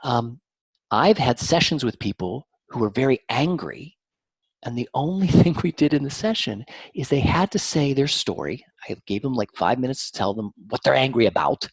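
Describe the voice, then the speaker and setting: Man therapist guest, lively teachy explaining, husky voice, dry sound. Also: mid-range voice, normal speed, dry recording. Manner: animated, teacherly, varies intonation on purpose. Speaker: mind-body therapist guest. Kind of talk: explanatory interview talk.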